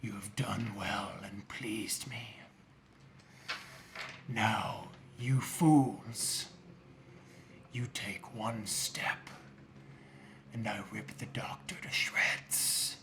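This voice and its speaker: Unseen male villain in a tabletop game, low and menacing, whispered threats, put on by a man. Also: steady tone, drawn-out words, long pauses.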